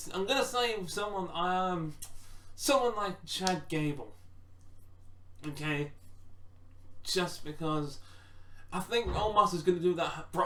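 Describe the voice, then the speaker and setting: A man's voice: a little high, fairly bright tone. A man rambling casually through wrestling predictions, full of restarts and acted-out quotes. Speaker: wrestling fan predicting matches. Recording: roomy echo, distant from mic.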